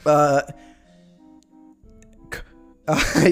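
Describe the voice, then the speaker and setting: A young man on a live stream reads viewers' stories aloud, breaking off into jokey, excitable asides. His voice sits fairly high for a man. The reading is loose and casual. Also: measured pace, soft background music.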